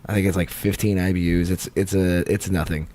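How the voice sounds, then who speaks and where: A man hosting a beer podcast, giving details in a measured, matter-of-fact way. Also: low voice, little pitch movement, dark tone. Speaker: podcast host. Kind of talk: casual chat.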